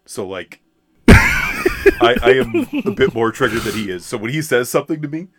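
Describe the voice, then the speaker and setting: A man co-hosting a podcast in casual chat, animated and laughing often, with quick bursts of mimicry. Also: mid-range voice, very noisy. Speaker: podcast co-host.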